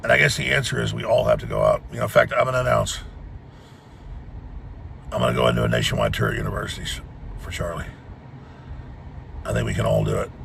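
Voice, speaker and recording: Gravelly, fast-talking fired-up man. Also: fairly low pitch, sing-song, a bit bright, slight background noise. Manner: fiery, defiant and exhortative. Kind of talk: impassioned rallying speech.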